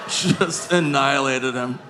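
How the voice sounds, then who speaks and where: Stand-up comic with a slow, drawn-out delivery. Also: male voice, noisy background. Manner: shrieking high put-on voices for drunk women. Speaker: stand-up comedian. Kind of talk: stand-up comedy set. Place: comedy club stage with a live audience. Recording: live club recording with crowd laughter.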